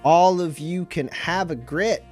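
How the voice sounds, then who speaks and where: A man's voice: fairly high pitch, a little slow, a little mellow, soft background music. A man narrating a tabletop role-playing game as game master, rambling through scenes with many fillers.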